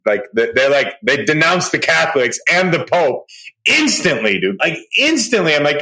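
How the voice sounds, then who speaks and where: A man hosting a podcast in casual chat, excitable and loud, ranting with sudden rises in pitch when worked up. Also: a little fast, rough recording. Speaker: podcast host.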